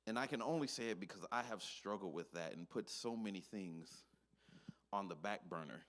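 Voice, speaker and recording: A man's voice: low-pitched, moderate pace, a bit bright. A man preaching a short sermon in a conversational, earnest manner, peppered with "you know". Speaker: speaker, preacher.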